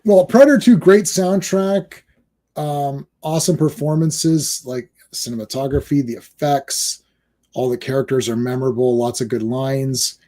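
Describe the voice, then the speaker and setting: A man co-hosting a casual movie discussion, rambling and animated with quick asides. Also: mid-range voice. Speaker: podcast co-host.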